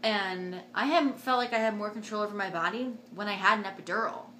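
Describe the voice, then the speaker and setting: A young woman vlogger casually telling a personal story to camera, chatty and animated, acting out what others said with sudden jumps in pitch. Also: brisk, reverberant, slight background noise.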